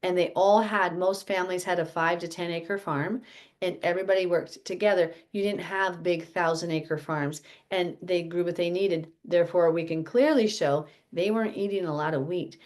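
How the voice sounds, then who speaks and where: A woman's voice: on the low side, steady tone, moderate pace, a little mellow. A woman leading a casual health teaching chat for her fellowship group, rambling and correcting herself as she goes. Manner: rambling, self-correcting, chatty.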